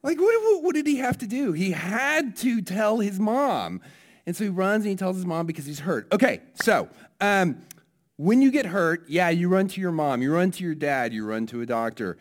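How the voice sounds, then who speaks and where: A male pastor with a high-pitched voice speaks at a moderate pace, delivering a children's message followed by a sermon. He's lively throughout and keeps putting questions to his listeners.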